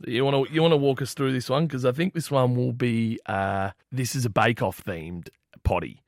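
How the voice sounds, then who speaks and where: A man cohosting a podcast, trading jokes and laughing as he talks. His voice sits at an everyday middle pitch. The delivery is casual and loose. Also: normal speed, no room sound, studio quality. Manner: laughing, joking. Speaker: podcast co-host.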